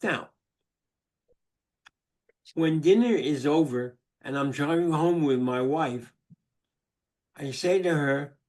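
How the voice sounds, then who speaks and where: A man's voice: on the high side, slow pace, long pauses, darkish tone. An older man, a psychologist and author, telling wry, joking anecdotes in a webinar over a video call.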